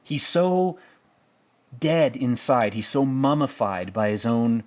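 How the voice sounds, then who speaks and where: A man's voice: medium pitch, animated, slow pace, darkish tone. A man hosting a casual film commentary, rambling, profane and sarcastic as he picks apart a movie. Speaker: podcast host reviewing a film.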